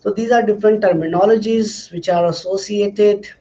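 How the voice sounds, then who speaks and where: A man's voice: sits high, steady tone, normal speed, warm tone, dull audio. A man lecturing on a recorded lesson recap, explaining steadily with frequent fillers and repeated phrases.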